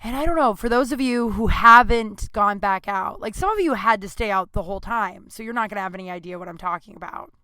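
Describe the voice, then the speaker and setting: A woman's voice: medium pitch, fairly quick, hardly any pauses, sharp tone, no room sound, clean studio sound. A woman in her thirties hosting a solo podcast, rambling candidly with lots of fillers, swearing and self-deprecating asides. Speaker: podcast host. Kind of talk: casual solo podcast monologue.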